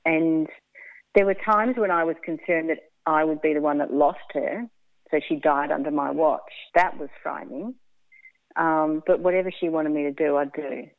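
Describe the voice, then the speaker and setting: Low gravelly woman on a phone line. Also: fairly even intonation, dry recording. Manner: frank, blunt, halting with fillers and restarts. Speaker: interview guest. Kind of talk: candid emotional storytelling.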